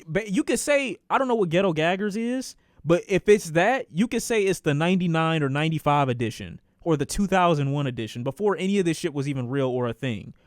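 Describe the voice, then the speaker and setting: Animated high-voiced man telling a story. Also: fairly quick, few pauses, dry recording, clean studio sound. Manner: animated, profane, acts out quoted voices. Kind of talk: casual livestream storytime.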